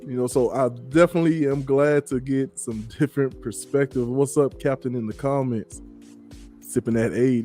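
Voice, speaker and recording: Male podcast host, Southern-raised, relaxed and talkative, dark mellow timbre. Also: mid-range voice, moderate pace, soft background music. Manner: laid-back, chatty, laughs easily. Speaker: show host. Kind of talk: casual podcast chat.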